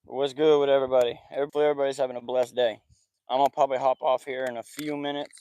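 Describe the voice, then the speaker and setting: A man's voice: mid-range voice, flat delivery, very fast, dark tone, clear, resonant tone. A man in his thirties, a football podcast host, chatting casually outdoors at home in loose slang and scolding his kids and dog now and then. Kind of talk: casual vlog chat. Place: outdoors at home by the backyard and porch.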